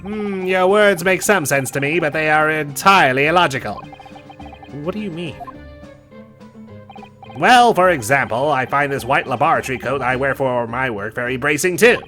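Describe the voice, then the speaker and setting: A man voicing an eccentric, excitable older male scientist who stammers and shouts his theories. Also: a little high, normal speed, soft background music. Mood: lecturing. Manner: stammering, loud, overexcited.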